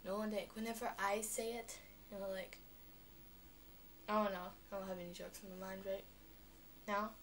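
A woman's voice: medium pitch, normal speed, pauses often. Young girl vlogging, chatty, lots of likes and you knows, bit of noise behind. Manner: chatty, animated, full of fillers. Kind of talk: rambling vlog monologue.

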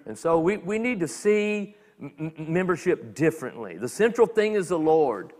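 A man preaching a sermon as a minister, talking in a conversational, animated way with quick acted asides. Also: on the high side, in a large hall. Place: church sanctuary.

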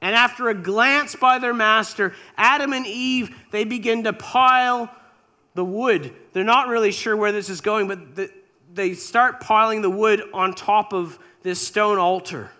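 A man's voice: high voice, a little slow, pushed and bright. A man preacher telling a scripture story in a sermon with dramatic, imaginative retelling.

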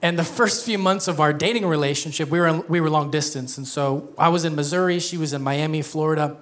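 A man in his thirties preaches to his church in a loose, conversational way. His voice sits a little high, and he keeps slipping into jokes and quick laughs between points. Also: a bit bright. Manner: conversational, joking, laughs often. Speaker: pastor. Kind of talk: sermon.

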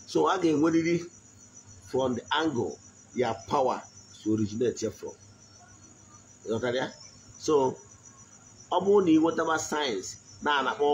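A man giving a spiritual teaching in a slow, deliberate voice, often asking his listeners if they follow. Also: fairly high pitch, dull audio, a little hiss or hum. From Nigeria. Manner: switches between Igbo and English, frequent check-ins. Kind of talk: spoken teaching.

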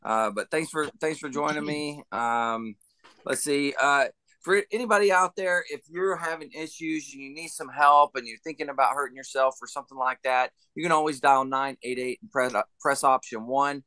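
A man's voice: medium pitch, steady tone, moderate pace, pushed and bright, clear, resonant tone, no echo. A man hosting a podcast, closing the show in an earnest, plain-spoken way. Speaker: podcast host. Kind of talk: show sign-off.

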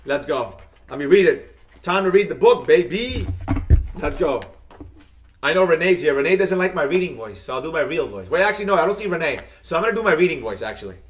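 A man's voice: on the high side, animated, a little fast. A man hosting a live-streamed trading lesson. He talks straight to his viewers, reads out their comments, and keeps chanting hyped catchphrases.

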